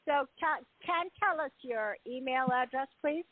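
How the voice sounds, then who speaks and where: An effusive, upbeat woman hosts a casual group call and often repeats herself. Her voice sits a little high. She comes through a tinny phone line with a dry sound. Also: measured pace, dry recording. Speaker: host.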